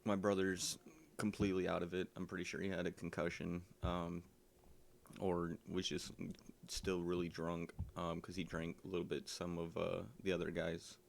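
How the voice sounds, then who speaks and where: A man's voice: low-pitched, completely flat delivery, moderate pace, creaky, slight background noise. A man casually telling a personal story, rambling with lots of ums and likes.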